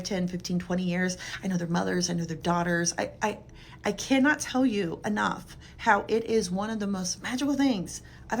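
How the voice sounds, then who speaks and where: A middle-aged woman physical therapist talks straight to camera in a casual, chatty way. She is earnest and emphatic, with a mid-range pitch. A faint low rumble sits under her voice.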